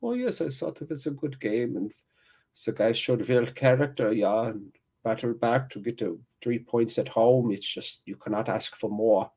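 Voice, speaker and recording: A man doing an impression of a middle-aged football manager in a post-match interview, with a put-on German accent and upbeat, halting clichés. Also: medium pitch, animated, warm tone, husky. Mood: pleased.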